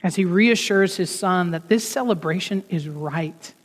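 A man preaching a sermon in an earnest way, pressing some words hard and dropping others to a softer tone. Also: high-pitched, a little slow, long reverb tail. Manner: earnest preaching with rising emphasis, drops to soft asides. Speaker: pastor.

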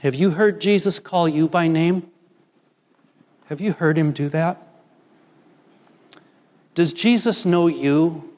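Slow, deliberate older male pastor. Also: on the high side, darkish tone. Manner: slow, deliberate preaching with emphatic pauses. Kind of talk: sermon. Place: church sanctuary. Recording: long reverb of a church hall.

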